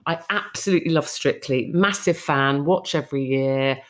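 A woman's voice: sits low, normal speed. A middle-aged woman, a TV presenter, telling anecdotes animatedly in an interview and acting out quoted speech. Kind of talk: chatty anecdotal storytelling.

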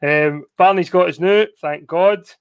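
A Scottish man co-hosts a live podcast in a slightly raised voice that is a touch husky tonight. He laughs through his lines and chats loosely as he reads out viewer comments. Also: sits high, measured pace, dull audio. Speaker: podcast co-host. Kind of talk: casual live podcast chat.

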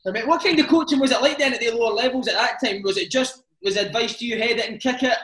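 A man interviewing a former footballer, chatty and bantering with quick follow-up questions. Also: very high-pitched, sharp tone, echoey room, low-quality recording. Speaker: podcast interviewer. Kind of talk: casual interview chat.

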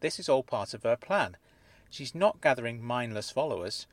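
A man's voice: medium pitch, very animated, moderate pace, no room sound. A man narrating a first-person mystery story in an earnest storytelling way.

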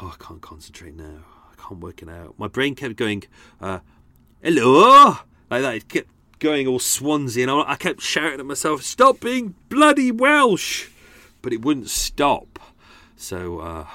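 A man's voice: medium pitch, dry recording. A man hosting a podcast, rambling casually and swearing, his voice a little strained. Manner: sweary, self-deprecating, chatty. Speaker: podcast host.

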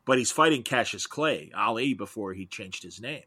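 Bright, eager middle-aged man storyteller. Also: lowish voice, animated, normal speed, slightly rough, no echo. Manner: enthusiastic, rambling storyteller. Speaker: guest, comics podcaster. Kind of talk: casual interview chat.

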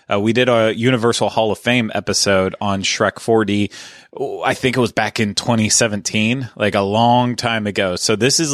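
A man with a fairly low voice hosts a podcast in a relaxed, chatty way, dropping self-deprecating jokes as he goes. The sound is close and dry, with no room around it. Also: no room sound. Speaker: podcast host. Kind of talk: casual podcast chat.

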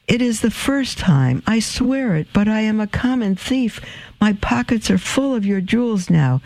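A shamed young thief speaks in an anguished, strained voice, as a man reading a radio story does him. The voice is pitched high and delivered slowly, with some gravel in it. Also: darkish tone, dry recording. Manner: anguished, broken.

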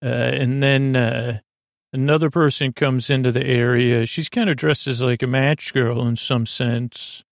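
A man hosts a podcast with a gravelly, creaky voice, rambling through an episode recap full of fillers. The recording is dry and close, with no room sound. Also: medium pitch, steady tone, a little slow, dry recording. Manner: rambling, filler-heavy retelling. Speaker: podcast host.

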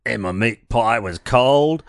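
A man's voice: mid-range voice, lively intonation, slow pace, clean tone, no room sound, clean studio sound. A man from Australia co-hosting a podcast, full of silly absurdist banter in casual chat. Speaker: podcast co-host.

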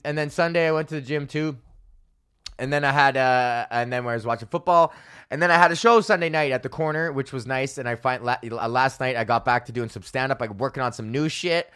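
A man's voice: medium pitch, a bit bright, clean tone. A young man, a stand-up comedian, ranting casually and sarcastically, swearing often and sounding exasperated. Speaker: podcast host and stand-up comedian.

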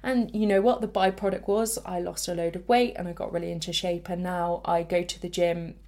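A woman's voice: fairly low pitch, little pitch movement, a little fast, darkish tone. A young woman hosting a podcast, telling her own story in a candid, reflective way with self-deprecating laughs. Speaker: podcast host. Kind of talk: personal storytelling.

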